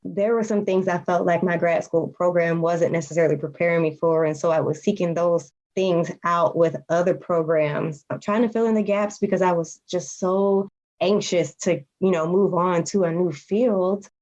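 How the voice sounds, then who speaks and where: A woman's voice: on the low side, steady tone, a little mellow. Candid woman on a lo-fi call. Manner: candid and reflective, with quick laughs. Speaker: podcast guest. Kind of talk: casual conversation.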